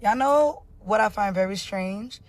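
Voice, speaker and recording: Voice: mid-range voice, unhurried. A speaker giving puzzled, disapproving casual commentary to camera.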